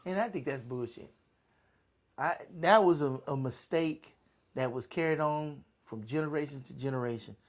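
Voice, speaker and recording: A man's voice: on the high side, normal speed. A man co-hosting a casual show, speaking earnestly about what he has seen. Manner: agreeing, earnest. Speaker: podcast co-host. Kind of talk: casual chat.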